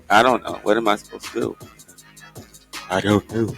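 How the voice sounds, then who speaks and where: A young man hosting a casual news chat show, talking in a laid-back, joking, low-key drawl. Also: normal speed, gravelly, long pauses, a bit bright, faint music behind. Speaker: podcast host.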